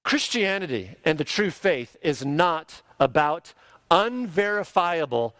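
A man's voice: on the high side, big pitch swings, takes it slowly, fairly bright tone, no echo. A man preaching a sermon, emphatic and repeating key words for stress. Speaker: pastor.

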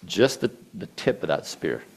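A man's voice: deep voice, very animated, moderate pace. A man preaching a sermon, retelling a scripture story with casual asides and quoted verses.

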